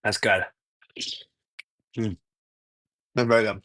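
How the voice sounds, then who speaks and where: A man's voice: fairly low pitch, fairly even intonation, takes it slowly, bright, forceful tone, no echo, poor audio. A man from Minnesota hosting a casual live cooking stream from his home kitchen, chatty and rambling, laughing often and answering chat. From Minnesota, US Midwest. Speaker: cooking channel host.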